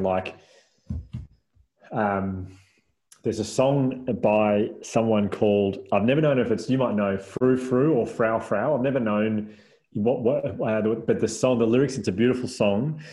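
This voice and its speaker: Chatting casually as a podcast guest, a man in his thirties spins animated anecdotes, laughing frequently, restarting his sentences, and using "like" a lot. He speaks with a fairly low pitch at a moderate pace.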